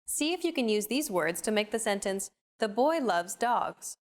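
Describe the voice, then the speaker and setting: Lively upbeat woman teaching a lesson. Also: medium pitch, normal speed. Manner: clear, upbeat, explanatory. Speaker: lesson narrator. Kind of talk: scripted language lesson narration.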